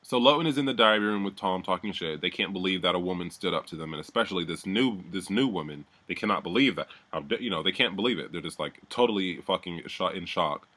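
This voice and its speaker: A man's voice: deep voice, animated, quick pace, hardly any pauses, bright, forceful tone. A man giving a heated, profane recap of a reality show, talking animatedly and mimicking the people he describes. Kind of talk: heated casual recap rant.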